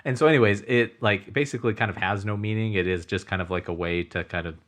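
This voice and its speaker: A man's voice: lowish voice, quick pace, fairly bright tone. A man in his thirties co-hosting a podcast in casual chat, teasing dryly and hedging with fillers. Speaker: podcast co-host.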